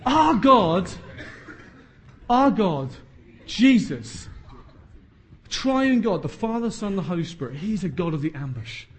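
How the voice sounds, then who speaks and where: Animated preacher in his thirties. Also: high-pitched, slow pace, pauses often, a little hiss or hum. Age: 30s. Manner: emphatic, joking asides. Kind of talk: sermon.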